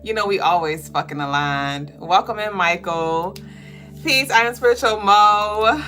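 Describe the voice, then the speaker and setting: Greeting viewers and reading their comments aloud, this woman hosts a relaxed spiritual reading livestream in an excitable, profane manner. She has a medium pitch and a measured pace, with faint music playing behind her.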